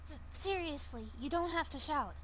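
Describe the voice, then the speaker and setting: A man voicing an angsty, dismissive fourteen-year-old boy in a high squeaky put-on voice. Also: lively intonation, normal speed, bright, forceful tone, full character voice. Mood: scolding.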